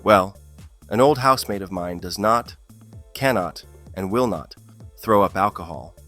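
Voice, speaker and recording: A man's voice: sits low, expressive, a little slow, bright, forceful tone, faint music behind. A man narrating funny stories in a scripted style, with a dry comic delivery that lifts on the punchlines. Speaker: storyteller.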